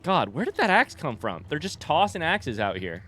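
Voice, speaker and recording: His voice sits fairly high and swings hugely in pitch, sounding pushed and bright at a normal speed over a little hiss or hum. He's a young man casually joking and chatting through a game, yelping when something startles him.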